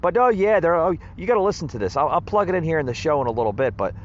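A man's voice: a little high, very animated, rapid-fire. A man hosting a political commentary show, ranting heatedly and stumbling over his words with many fillers. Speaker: podcast host. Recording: dull lo-fi sound.

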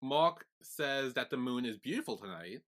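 A man co-hosting a casual recap podcast, calmly retelling the plot step by step. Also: medium pitch, moderate pace. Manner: calm, retelling plot in steps. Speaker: podcast co-host.

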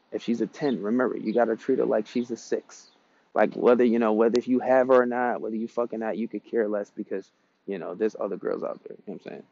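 Gravelly low-voiced man, blunt and profane. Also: a little mellow, highs cut off. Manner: blunt, profane, rambling storytelling. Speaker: dating advice podcaster. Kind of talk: casual monologue.

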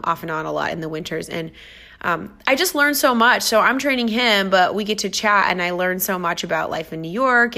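A woman's voice: lowish voice, vocal fry. A woman fitness trainer telling stories about her clients in a casual, enthusiastic vlog. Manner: upbeat, enthusiastic, animated storytelling.

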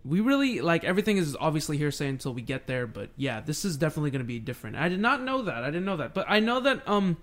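A young man co-hosting a casual sports podcast, talking in excitable, playful bursts. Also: a little high. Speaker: podcast co-host.

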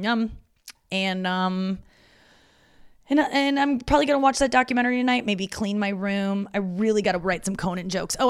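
A woman's voice: on the low side, clean tone, no echo, studio quality. A young woman hosting a casual solo podcast, chatty and confessional, with lots of filler words. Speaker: podcast host. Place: her parents' house.

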